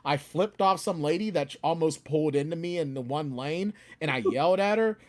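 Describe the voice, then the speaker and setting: A man's voice: moderate pace, few pauses. A man who is a guest author, chatting casually on a video call and acting out his own outbursts. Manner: animated, acts out his own outbursts in a louder, higher voice. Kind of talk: casual chat.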